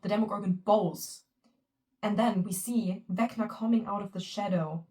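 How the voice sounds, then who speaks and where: A young woman giving excited, emotional fan reaction commentary, swearing often and piling on fillers. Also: mid-range voice, moderate pace, recorded from a distance. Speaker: fan vlogger.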